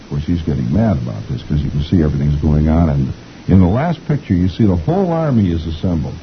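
A man's voice: very deep voice, very animated, fast talker, lo-fi sound, slight background noise. A middle-aged man hosting a chatty reading of the comics, folksy and rambling, chuckling often. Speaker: host reading the comics aloud.

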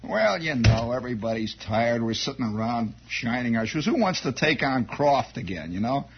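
A man's voice: medium pitch, big pitch swings, moderate pace, noisy background. A man telling a rambling army anecdote on air, digressive, with repeated words and wry asides. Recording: dull lo-fi recording.

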